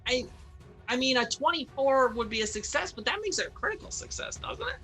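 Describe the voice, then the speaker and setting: A woman's voice: sits high, sing-song, a little fast, a bit bright, faint music behind. A woman playing in a tabletop game, thinking aloud over her dice rolls and repeating herself. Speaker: player. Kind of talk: casual tabletop game talk.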